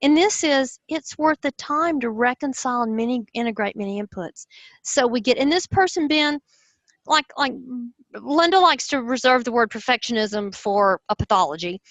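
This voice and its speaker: Casting: Southern US woman host, lively and expressive, a bit high-pitched, dry close sound. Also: normal speed, dry recording, poor audio. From Southern United States. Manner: enthusiastic, expressive. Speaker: host, personality-type teacher. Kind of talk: explanatory conversation.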